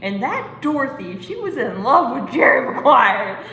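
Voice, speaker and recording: A woman's voice: high-pitched, sing-song, unhurried, sharp tone, echoey room, in a large hall, slight background noise, low-quality recording. A woman hosting a casual live stream, rambling, giggling and reading chat comments aloud. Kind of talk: casual watch-along chat.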